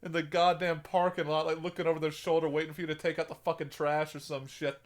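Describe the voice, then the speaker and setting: A man's voice: on the high side, flat delivery, fast talker, heavy background noise. A man co-hosting a casual podcast, cracking crude sarcastic jokes with heavy swearing. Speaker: podcast co-host. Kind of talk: casual chat.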